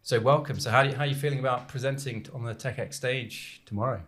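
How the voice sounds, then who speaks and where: A man's voice: mid-range voice, fairly even intonation, quick pace, fairly bright tone. A man hosting a casual podcast chat in a studio, talking in a rambling way with many fillers and restarts. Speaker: podcast host. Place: recording studio on the island of Jersey.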